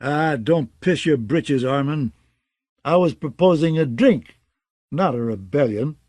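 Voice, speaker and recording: A man voicing a loud, rowdy young male scholar who drinks, speaking slowly and boisterously in an audiobook. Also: fairly high pitch, expressive, no room sound, clean studio sound.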